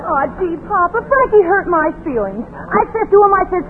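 A woman's voice: very high voice, sing-song, moderate pace, heavy background noise. A woman playing a gushing, girlish daughter in a 1940s radio comedy sketch, singing snatches of songs. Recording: tinny old radio broadcast with loud music.

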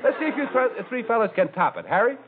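A man hosting a 1940s radio comedy show with brisk, jovial emcee patter. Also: very high-pitched, very animated, a crowd in the background. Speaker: quiz show host. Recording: tinny 1940s radio with studio audience.

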